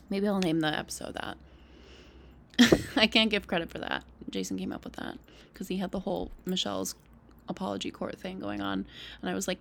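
Chatty young woman with gravelly fry. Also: fairly low pitch, moderate pace, pauses often. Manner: chatty, lots of "like" and "um", animated asides. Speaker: podcast host. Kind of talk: casual solo recap chat.

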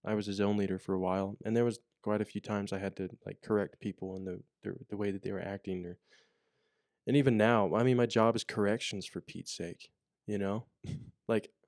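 A man's voice: on the low side, a little mellow, dry recording, clean studio sound. A young man chatting casually on a podcast, rambling with lots of fillers and restarts. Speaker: podcast co-host, corrections officer. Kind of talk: casual chat.

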